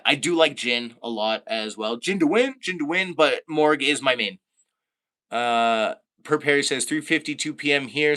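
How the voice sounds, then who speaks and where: A man from Canada chatting casually on a live stream, reading out viewer comments, laid-back and quick to laugh. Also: medium pitch, pushed and bright.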